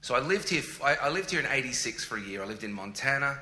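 Joking and poking fun at himself, an Australian-accented man in his forties, a guest musician, chats casually in a medium-pitched voice. He talks fast and animatedly with a sharp tone, and the echoey room carries a faint ambient hum.

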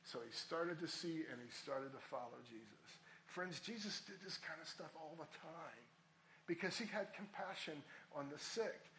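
High-voiced earnest preacher in an echoey room. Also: male voice, moderate pace, bright, forceful tone, a little hiss or hum. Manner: earnest, rising to emphatic appeals. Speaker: pastor. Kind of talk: sermon.

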